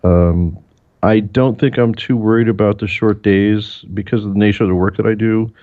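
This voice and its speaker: A man with a lowish voice talks easily as an interview guest, spinning engineering anecdotes and perking up when he quotes others. The sound is thin and tinny, like a phone line. The room gives almost no echo. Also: moderate pace. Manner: relaxed storyteller, animated when quoting others. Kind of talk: casual interview chat.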